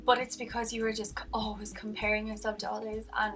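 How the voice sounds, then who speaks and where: A young woman vlogs in an earnest, rambling way, often restarting her sentences. Her voice is bright and sharp. She sits a little back from the mic, with faint music underneath. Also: medium pitch, steady tone, brisk, recorded from a distance. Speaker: vlogger. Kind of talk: heartfelt casual vlog.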